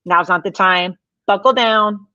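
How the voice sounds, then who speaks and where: A woman's voice: mid-range voice, fairly even intonation, a little slow, bright, forceful tone, dry recording. A woman hosting a casual live show, tossing playful teasing asides to the audience. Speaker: host. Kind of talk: casual chat. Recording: dry, slightly dull livestream audio.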